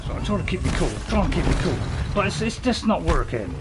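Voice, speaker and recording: A gamer giving live commentary while playing, getting exasperated, shouting at enemies and laughing at their own panic. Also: medium pitch, big pitch swings, quick pace, over loud music. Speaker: let's play gamer.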